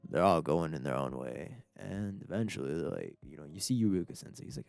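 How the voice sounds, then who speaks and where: A man's voice: rumbling low, big pitch swings, fairly quick, vocal fry, few pauses, a little mellow, no echo, faint music behind. A man casually narrating a comedic story as a YouTuber, rambling with laughs and crude slang.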